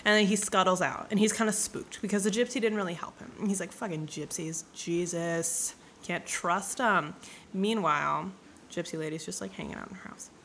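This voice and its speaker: A young woman casually recapping a novel for laughs, crude and irreverent, slipping into quick voices for the characters. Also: mid-range voice, steady tone, creaky, a little hiss or hum. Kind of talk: casual comedic book recap.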